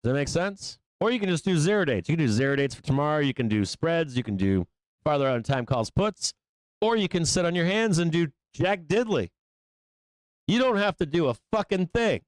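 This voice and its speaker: A man's voice: on the high side, animated, fairly quick, dry recording. A man hosting a live trading show, talking through the market in a blunt, rambling, profane way.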